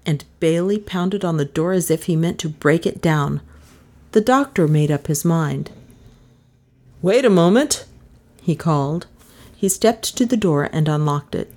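A woman reading a mystery novel aloud, expressive and rising in pitch at tense moments. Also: normal speed. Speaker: audiobook narrator. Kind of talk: dramatic audiobook narration.

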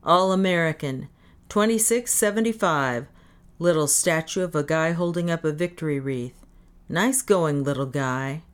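A woman's voice: low voice, normal speed, clean tone, lightly acted. A woman voicing a drunk, good-natured but needling ship captain who talks in a boisterous, mocking, slurred way.

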